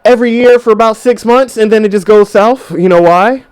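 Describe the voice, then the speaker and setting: A podcast host in his twenties delivers blunt, profane relationship advice in a casual rant. His voice is high, brisk, smooth and a little mellow.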